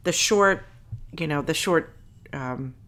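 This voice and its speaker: A woman with a somewhat low voice co-hosts a podcast. She explains things at length in a casual, digressive way and reads passages aloud. She stops now and then to correct herself. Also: slow pace, fairly bright tone. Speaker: podcast co-host. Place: Philadelphia area.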